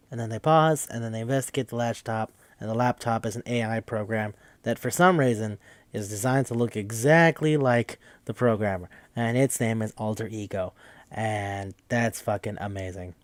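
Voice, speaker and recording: A man's voice: on the low side, dry recording. Casual rambling young man recapping a game. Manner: rambling, swears a lot, quick mocking character quotes. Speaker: podcast host.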